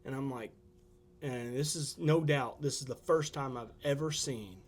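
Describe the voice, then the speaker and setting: A man's voice: medium pitch, normal speed, crowd noise. A man, a small-town entrepreneur, telling a story as a podcast guest in a casual way, acting out what people said and leaning on fillers like "you know.". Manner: animated storyteller who acts out quoted dialogue.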